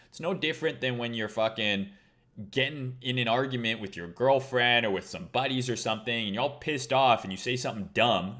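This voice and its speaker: A man's voice: medium pitch, sharp tone. A man hosting a trading livestream, talking casually in a blunt, profane, rambling way.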